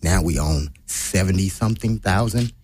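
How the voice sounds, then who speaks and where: An extremely deep male voice, husky and dry, pushing back in a casual group discussion. He holds his ground firmly and repeats his claims to make them stick. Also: moderate pace, darkish tone, no echo. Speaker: discussion participant.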